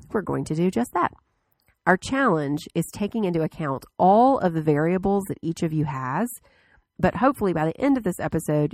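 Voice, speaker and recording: A woman's voice: low voice, dry recording. A woman hosting her podcast alone, sounding stuffed up from a cold, chatty with fillers and restarts. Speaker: podcast host. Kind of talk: casual solo podcast talk.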